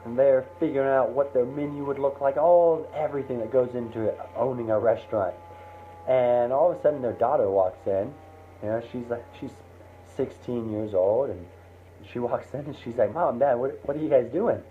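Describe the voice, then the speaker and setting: A man's voice: mid-range voice, moderate pace. A man telling a casual spoken story in a rambling way with many fillers and restarts. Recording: tinny phone-like line with faint hiss.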